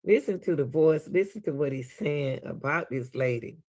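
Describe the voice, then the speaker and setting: A man's voice: fairly high pitch, moderate pace, a little mellow. A man with a Southern US accent, hosting a reaction video and talking casually to his viewers, laughing and exclaiming in disbelief.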